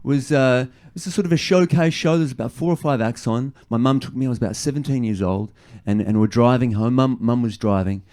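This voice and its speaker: A man's voice: mid-range voice, brisk, hardly any pauses, a little mellow. A young adult man from Australia doing a stand-up comedy set, telling rambling, self-mocking stories full of repeated words. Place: comedy venue with live audience.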